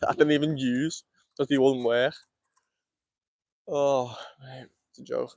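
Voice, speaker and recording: A young man with a Scouse accent from Liverpool, chatting quickly to his live-stream viewers while fishing outdoors in the cold and laughing often. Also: mid-range voice, fairly even intonation, gravelly, a little mellow, no echo. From Liverpool, England. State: cold, shivering. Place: outdoors by a lake.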